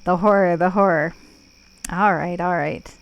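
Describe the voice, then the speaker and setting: A woman's voice: fairly low pitch, steady tone, a little slow, muffled recording. A woman streaming a video game, chatting casually in a playful, joking way and swearing freely. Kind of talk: casual gameplay commentary.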